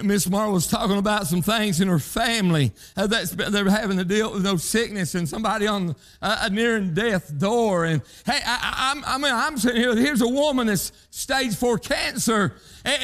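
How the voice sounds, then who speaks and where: A man's voice: high-pitched, fairly bright tone. A man preaching a sermon in rhythmic, emphatic bursts, punctuated with "hey" and "huh" calls to the congregation, in plain country speech.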